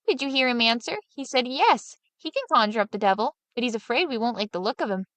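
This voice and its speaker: A woman's voice: fairly high pitch, lively intonation, quick pace, a bit bright, dry recording. A woman voicing a clever, scheming peasant man who talks in a sly, coaxing way, in a storybook reading.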